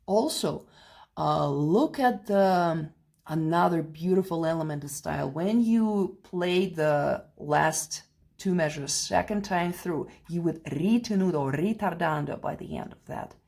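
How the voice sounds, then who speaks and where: A woman's voice: fairly low pitch, unhurried, vocal fry, a little mellow. A woman teaching a play-along piano lesson, patiently explaining phrasing and counting beats aloud, with light laughs now and then. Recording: piano heard faintly behind.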